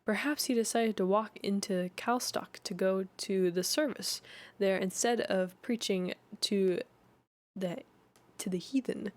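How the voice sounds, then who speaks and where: A man's voice: high voice, measured pace. A woman reading an earnest young Englishman.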